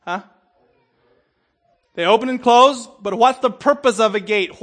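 A man preaching a sermon who stumbles and repeats the starts of words, keeps asking "okay?", and swings between loud emphatic bursts and quiet low asides. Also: measured pace. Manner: stumbles and repeats opening sounds, checks in with "Okay?".

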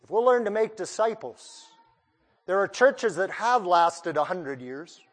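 A man's voice: high voice, lively intonation, measured pace. A male preacher delivering a sermon, putting pointed questions straight to his listeners. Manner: questions the listeners directly, emphatic.

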